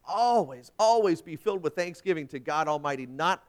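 Male pastor, high voice, very animated delivery, storytelling sermon. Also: a little fast. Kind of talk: sermon with anecdotes.

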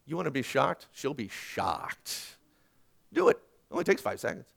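A male pastor preaching a sermon in a conversational way with personal stories, swinging from loud, emphatic lines to hushed ones. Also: on the high side, sing-song, brisk, gravelly.

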